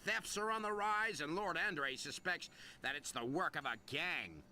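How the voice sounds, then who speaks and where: A worried town guardsman in a video game, grumbling in a grating, nagging voice. The pitch sits high and leaps around a lot. The tone is piercingly bright and sharp. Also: animated, a little slow, a little hiss or hum, full character voice. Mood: complaining. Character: fretful male town guardsman, middle-aged. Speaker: game character.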